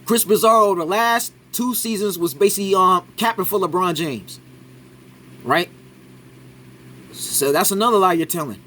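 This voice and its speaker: Male reaction commentator, high bright voice, argumentative, peppers lines with "right?". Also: moderate pace, long pauses, slight background noise. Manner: argumentative, keeps adding "right?". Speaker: commentator reacting to a sports clip.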